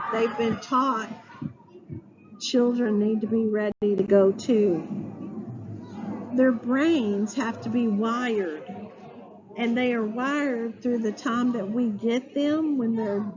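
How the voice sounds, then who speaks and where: A woman educator giving an instructional talk to teachers, deliberate and spelling words out letter by letter. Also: a little high, background noise. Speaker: early childhood educator. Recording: dull lo-fi sound with clear background ambience.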